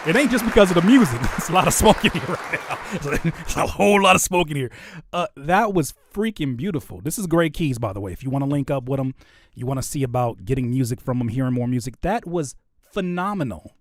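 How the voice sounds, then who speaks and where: A man's voice: on the high side, lively intonation, fairly quick, some chatter behind. A man hosting a casual reaction show, hyped up, exclaiming and chanting along to beats. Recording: loud hip hop music playing behind. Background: loud hip hop music.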